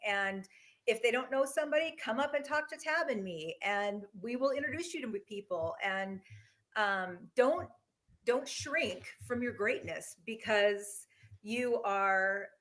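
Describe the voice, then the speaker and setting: A woman with a fairly high voice in a casual talk. She speaks in an encouraging, inviting way, urging listeners to come along. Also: fairly bright tone. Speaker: event co-organizer. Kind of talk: casual chat.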